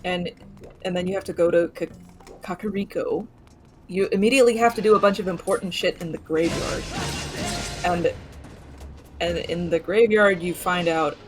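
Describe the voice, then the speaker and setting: A woman's voice: on the low side, steady tone, moderate pace, pauses often, soft background music. A woman guest chatting casually on a game stream, rambling and swearing freely. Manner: rambling, profane, laughs easily. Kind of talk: casual chat.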